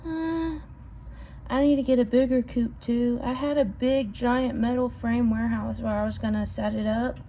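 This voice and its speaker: A young woman vlogging casually outdoors, rambling and excitable, swearing casually and calling her viewers bro. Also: a little high, slight background noise. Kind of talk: casual vlog talk to viewers. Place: outdoors at home.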